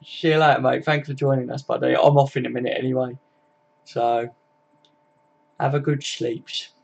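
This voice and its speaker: A man's voice: mid-range voice, level tone, normal speed, vocal fry, lo-fi sound. A tired young man chatting casually and swearing freely as he wraps up a football live stream.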